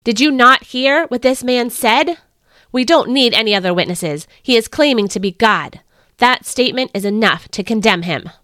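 A woman voicing an angry older high priest who shouts his accusations in a storybook reading. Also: expressive, moderate pace, dry recording, studio quality. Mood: outraged. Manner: shouting, indignant.

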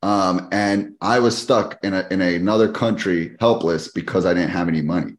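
This deep-voiced podcast guest, who runs a fitness business, tells a story in a casual interview. He moves fast and animatedly, voicing the people he quotes as he goes.

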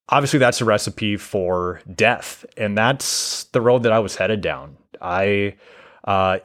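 A young man speaking as an interview guest, telling his own story in a candid, reflective way. He often restarts his sentences. His voice sits fairly low. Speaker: guest, therapist. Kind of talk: personal story in a podcast interview.

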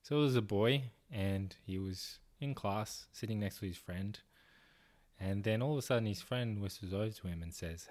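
Laid-back podcast guy with a lowish voice, rambling through a story, swears a lot. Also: normal speed, a little mellow. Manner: self-deprecating, swears casually. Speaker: podcast host. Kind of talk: casual storytelling monologue.

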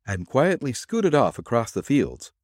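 A man voicing a young male detective's assistant in a storybook reading, talking in a brisk, plain-spoken report. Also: medium pitch, very animated, no echo, studio quality, voice pushed up.

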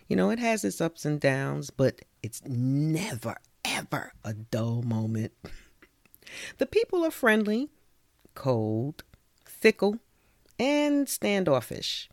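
Gravelly New York woman, lively storyteller. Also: low-pitched, slow, no echo, studio quality. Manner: chatty, laughs often, many "you know" fillers. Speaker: spoken-word poet and storyteller. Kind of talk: poem recital, then casual monologue.

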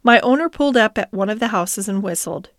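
Woman audiobook narrator, mid pitch, gentle storytelling, dry close recording. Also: animated, fairly quick, no echo. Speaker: audiobook reader. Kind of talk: scripted narration.

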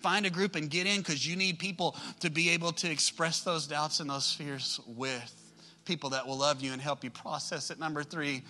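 A man preaching a sermon to a live congregation in a church. He talks to them directly and conversationally, swinging from loud emphatic outbursts to quiet soft asides. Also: on the high side, steady tone, moderate pace. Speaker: pastor.

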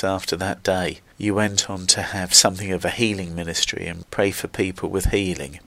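Low-voiced man asking dry questions. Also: no room sound. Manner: calm, prompting questions. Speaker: interviewer. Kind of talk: interview questions.

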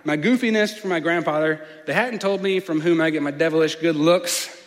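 A man, preaching a sermon as a playful, animated storyteller. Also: on the high side, brisk. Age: late 20s. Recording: long reverb of a large hall.

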